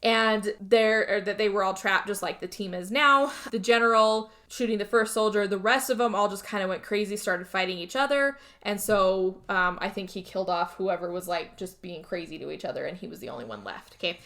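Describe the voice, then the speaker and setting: A woman's voice: mid-range voice, brisk, hardly any pauses, a bit bright. A woman hosting a podcast who casually recaps a movie plot, rambling, swearing and checking in with her listener. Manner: chatty, rambling, swears, keeps checking in with "okay?". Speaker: podcast host.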